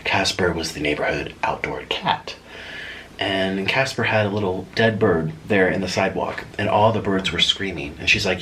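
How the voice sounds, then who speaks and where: A man's voice: low voice, lively intonation, normal speed, bright, forceful tone, a little hiss or hum, low-quality recording. A man telling a story in a casual vlog while eating noodles at home at night. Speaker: vlogger.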